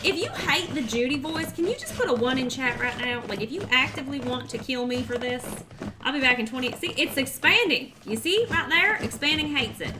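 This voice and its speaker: A woman's voice: high-pitched, lively intonation, fairly quick, background noise. A woman hosting a casual cooking livestream, chatting and teasing her viewers as she reads their messages. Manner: chatty, talks to chat, teasing. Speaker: livestream host. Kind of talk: casual cooking stream chat.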